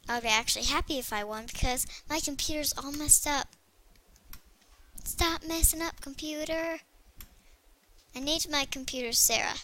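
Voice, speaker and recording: A young female gaming video creator chatting excitably to herself while she plays. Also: high voice, a little hiss or hum. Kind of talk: casual gameplay commentary.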